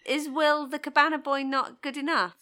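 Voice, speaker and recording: A woman hosting a podcast in casual chat, brisk and giggly. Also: high voice, little pitch movement, sharp tone. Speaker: podcast host.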